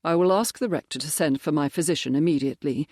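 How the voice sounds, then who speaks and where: A grim, steady gentleman presses his questions without letting up, as the narrator reads him. The delivery stays controlled and firm. The sound is close and dry. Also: medium pitch, fast talker, dry recording, lightly acted. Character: grim, determined male baronet and major.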